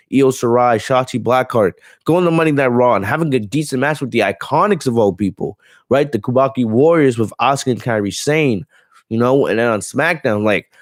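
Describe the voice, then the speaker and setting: A man's voice: mid-range voice, no room sound, clean studio sound. Blunt, profane man hosting a wrestling stream. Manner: blunt, profane, ranting, reads chat aloud. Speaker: wrestling show host. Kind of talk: casual live-stream commentary.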